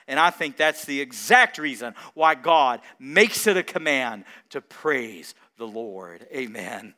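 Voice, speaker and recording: A man's voice: mid-range voice, animated, takes it slowly, bright, forceful tone. A man preaching a sermon as pastor, building to emphatic repeated phrases and chuckling between points.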